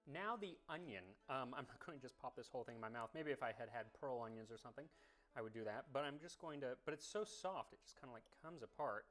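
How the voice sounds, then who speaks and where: A man of middle pitch talks to the camera as he samples food, chatty and thinking aloud between bites. He explains the history behind the dish with open curiosity and enthusiasm. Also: expressive, fast talker, fairly bright tone, faint music behind. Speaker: cooking history show host. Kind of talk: tasting commentary to camera.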